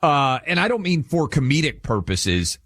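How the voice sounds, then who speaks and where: Casting: opinionated male radio co-host from Tennessee, lively pitch, dry studio mic. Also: moderate pace, dry recording. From Tennessee, USA. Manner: emphatic, opinionated, repeats phrases. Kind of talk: casual radio banter. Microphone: studio microphone.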